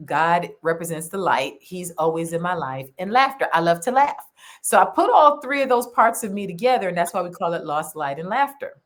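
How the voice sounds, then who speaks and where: A woman author and podcaster, a guest on an interview show, telling her story in a casual, animated way and laughing often. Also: lowish voice, a little fast.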